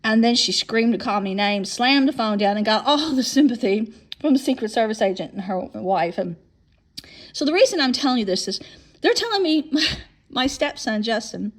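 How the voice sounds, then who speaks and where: A woman's voice: on the high side, animated, normal speed. Rambling woman in her fifties. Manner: rambling, repeats and restarts words. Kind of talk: personal story monologue.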